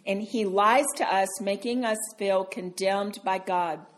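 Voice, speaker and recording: A woman teaching a Bible study to a group, animated and tender, calling listeners sweetheart. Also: medium pitch, measured pace.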